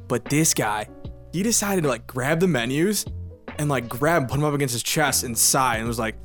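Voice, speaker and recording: A man's voice: medium pitch, a little fast. Middle-aged man, mid voice, chatty rambler full of likes, faint music under it. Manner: rambling, animated storyteller, many fillers. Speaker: podcast co-host. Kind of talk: casual chat.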